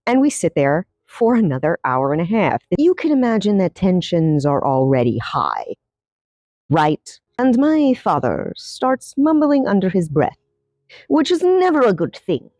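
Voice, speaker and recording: Animated woman telling a wry story. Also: lowish voice, moderate pace, dry recording, soft background music. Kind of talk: storytime narration.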